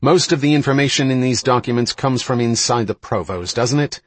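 A man reading the part of a sharp, probing male intelligence analyst who presses his argument hard in an audiobook. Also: on the low side, lively intonation, normal speed, slightly rough, dry recording. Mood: insistent.

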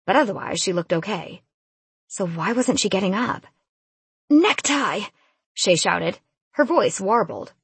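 A woman reading a first-person fantasy audiobook in an expressive, lively storytelling manner. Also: mid-range voice, breathy edge, dry recording. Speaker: audiobook narrator.

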